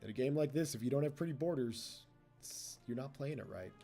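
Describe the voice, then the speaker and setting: A man's voice: mid-range voice, expressive, a little fast, mellow, faint music behind. A man giving casual gameplay commentary as a let's play host, chatty and teasing the computer opponents.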